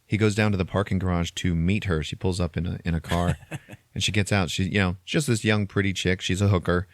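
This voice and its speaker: A young man podcast host retelling a movie in casual chat, animated and profane and acting out the lines. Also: low voice, a little fast, no echo, clean studio sound.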